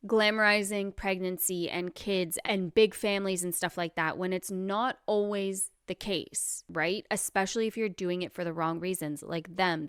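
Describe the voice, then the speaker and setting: A woman talks bluntly over podcast clips, her sarcasm plain. Her voice is smooth, clear and fairly low for a woman. The sound is close and dry. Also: dry recording. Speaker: commentary host.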